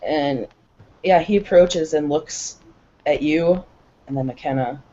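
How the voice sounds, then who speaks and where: A relaxed woman narrating a tabletop game as game master, heard on a dull lo-fi recording. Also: sits low, slow pace.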